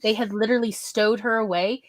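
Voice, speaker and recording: A woman hosting a casual talk show, telling a personal story in a lively way and acting out other people's lines in shifting voices. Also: a little high, brisk. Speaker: podcast host telling a story.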